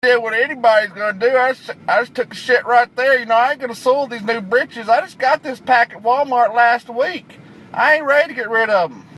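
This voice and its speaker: A man voicing a slow, simple-minded trucker in his late fifties, who drawls and calls the listener "little buddy.". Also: very high voice, a bit bright, voice pushed up, poor audio. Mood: whiny. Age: late 50s. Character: slow simple older male trucker, mumbly and whiny.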